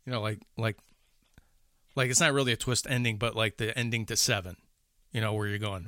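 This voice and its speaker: A man's voice: medium pitch, a little fast, pushed and bright, clean tone, dry recording, clean studio sound. A man chatting casually about movies, rambling with many restarts and swearing. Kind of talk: casual chat about films.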